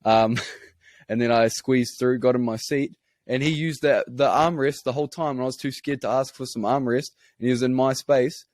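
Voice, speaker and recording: A man's voice: medium pitch, steady tone, moderate pace, darkish tone, dry recording. A man with a New Zealand accent telling rambling, profane, self-mocking stories as a podcast co-host. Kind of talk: casual storytelling.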